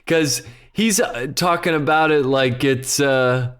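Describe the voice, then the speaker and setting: A man's voice: mid-range voice, slow pace, a bit bright, smooth. A man co-hosting a podcast, talking casually about a TV show, laughing often and giving short agreeing replies. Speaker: podcast co-host. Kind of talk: casual TV review chat.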